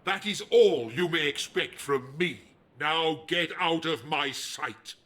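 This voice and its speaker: A man voicing a megalomaniac male leader of a druid order in a video game, talking in a slow, menacing, pompous way. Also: fairly high pitch, fairly bright tone. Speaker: game villain.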